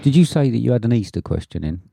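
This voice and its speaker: A man's voice: medium pitch, big pitch swings, quick pace, creaky, loud music behind the voice. A man hosting a casual podcast quiz, rambling, with repeated restarts. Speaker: podcast host.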